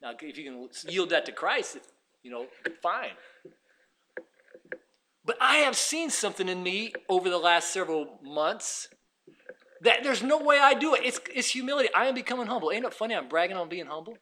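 A man preaching a sermon, dropping to hushed asides and rising to shouted emphasis. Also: high-pitched, very animated, normal speed, a little hiss or hum.

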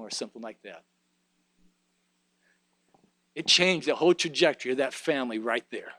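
A man preaching a sermon in a church, climbing to fervent shouting and then dropping to quiet, conversational storytelling. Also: lively intonation, fast talker. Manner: rises to shouted fervor, then drops low and conversational. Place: church sanctuary.

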